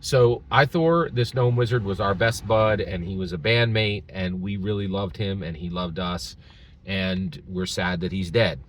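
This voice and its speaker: A man's voice: low-pitched, steady tone, unhurried, a little hiss or hum, rough recording. A man hosting his channel, casually retelling a tabletop game session and rambling with many restarts. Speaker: channel host.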